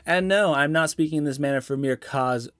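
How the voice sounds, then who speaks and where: Young male vlogger, brisk and bright, exaggerated careful diction, self-mocking update. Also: on the high side, clear, resonant tone, no echo, clean studio sound. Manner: deliberately slow, exaggerated narrator-like enunciation. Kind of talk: personal update vlog.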